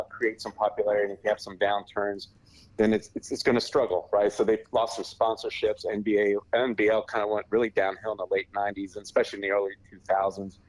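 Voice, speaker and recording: Middle-aged guy, low voice, relaxed and upbeat, chatting as a podcast guest. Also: low-quality recording. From Australia. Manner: upbeat, laid-back. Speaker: guest reporter. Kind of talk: casual podcast chat.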